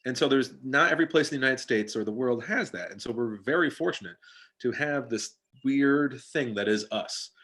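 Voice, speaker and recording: A man's voice: medium pitch, moderate pace. Rambling man. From Scranton, Pennsylvania. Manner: rambling, animated, many restarts. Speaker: guest. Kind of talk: casual interview chat. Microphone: video call.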